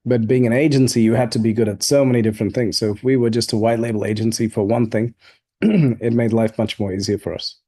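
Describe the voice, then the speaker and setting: A man being interviewed as a guest entrepreneur, telling stories in an animated way and acting out both sides of past conversations. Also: mid-range voice, fast. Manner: animated storyteller, acts out both sides of dialogues. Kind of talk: storytelling in an interview.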